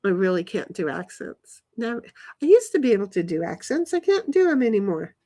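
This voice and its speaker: A woman's voice: mid-range voice, big pitch swings, a little fast, warm tone. A woman live streaming from her backyard, rambling casually to herself and her chat and swearing now and then. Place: backyard, outdoors.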